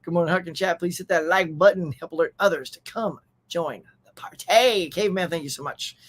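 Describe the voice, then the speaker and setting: A man with an American accent hosts a live pop culture stream, speaking briskly in a fairly bright, high-leaning voice. He's upbeat and chatty, reading viewer names and chat messages aloud and laughing often.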